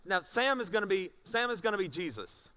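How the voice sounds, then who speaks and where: A man preaching a sermon as pastor, animated and often repeating words. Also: high-pitched, fairly quick.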